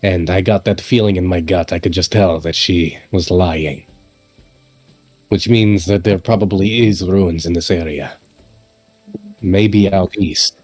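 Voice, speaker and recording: A stern, suspicious male adventurer with a faintly villainous edge, voiced by a man at the gaming table. His voice sits a little low and his delivery is measured and insistent, pressing each point home. Faint music plays underneath. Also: darkish tone. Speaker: tabletop game player. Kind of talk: in-character tabletop role-play.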